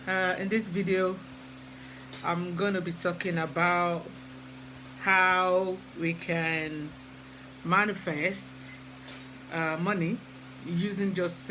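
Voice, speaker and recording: High-voiced chatty man on a live stream. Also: sharp tone, a little hiss or hum, low-quality recording. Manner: chatty, hesitant, greets viewers by name. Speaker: spiritual practitioner hosting a live stream. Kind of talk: casual live-stream talk. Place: lives in England.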